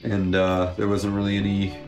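A man's voice: on the low side, completely flat delivery, moderate pace, dull audio. Congested man grumbling through a game. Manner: dry, sarcastic grumbling at the game. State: congested, stuffy nose. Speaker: let's play gamer and co-host. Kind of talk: casual chat while playing a video game. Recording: roomy echo with faint background music.

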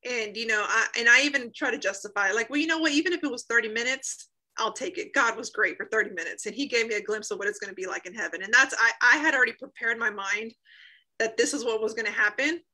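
Woman, 30s, bright slightly high voice, animated storyteller who laughs and acts out quotes. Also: fast, low-quality recording. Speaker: guest sharing a healing testimony. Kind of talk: emotional personal storytelling.

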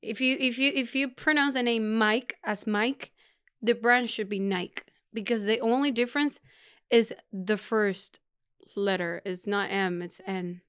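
A woman co-host chatting in a studio, unhurried and playful. Her voice is smooth and clear, and she laughs often while teasingly sticking to her point. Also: a little high, fairly even intonation, fairly bright tone. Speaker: podcast co-host. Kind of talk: casual chat.

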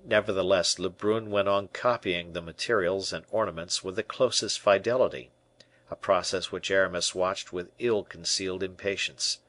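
A man narrating a classic novel as an audiobook, in expressive, even-paced storytelling. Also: deep voice, moderate pace, no echo. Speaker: audiobook reader. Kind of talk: scripted narration.

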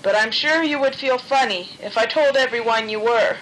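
A woman's voice: a little high, moderate pace, fairly bright tone, a little hiss or hum, natural voice, low-quality recording. A woman doing a pushy lovesick jackalope. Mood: scheming.

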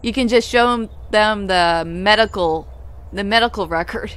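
A woman's voice: mid-range voice, normal speed, a bit bright, faint music behind. A woman hosting a let's play, reading and thinking aloud about the game. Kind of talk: game commentary.

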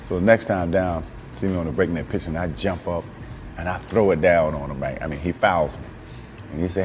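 A man's voice: sits low, steady tone, a little fast, soft background music. A man telling a laid-back anecdote in a played interview clip.

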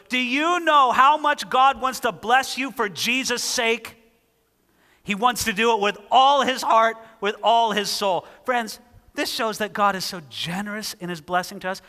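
A man preaching with a high, bright voice that carries a long hall reverb. He reads scripture aloud with lively emphasis and presses each point home. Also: moderate pace. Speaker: pastor. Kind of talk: sermon.

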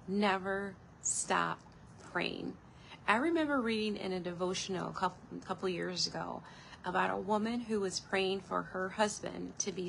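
A woman's voice: medium pitch, creaky, a bit bright, slight background noise, low-quality recording. A woman pastor preaching a devotional sermon, earnest and encouraging, stretching out the words she stresses. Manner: earnest, encouraging, drawn-out emphasis on key words.

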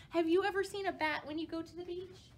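A woman children's librarian leading a storytime, talking to young kids in an animated, playful way. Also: very high voice, fast, a little hiss or hum. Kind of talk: children's storytime reading and rhymes. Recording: voice from a distance from the mic, faint ukulele. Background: faint ukulele.

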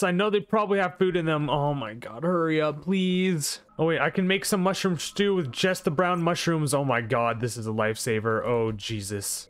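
A man giving live commentary over his own gameplay, excitable and full of exclamations and mild swearing. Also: on the high side, smooth. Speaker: gaming video creator.

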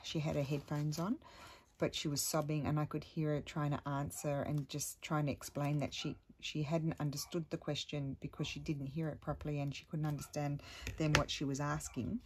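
A middle-aged woman chatting at home as a crafting vlogger, telling a rambling story with many restarts and sometimes dropping to a hushed voice. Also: low voice, little pitch movement, normal speed, a little hiss or hum. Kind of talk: casual chat while crafting.

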